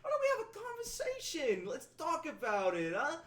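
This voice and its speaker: A woman's voice: high voice, huge pitch swings, normal speed, voice pushed up. A woman voicing a scheming middle-aged male con man who runs a shop, with an oily, stammering, wheedling manner in a tabletop game. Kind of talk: tabletop game role-play. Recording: roomy echo, distant from mic.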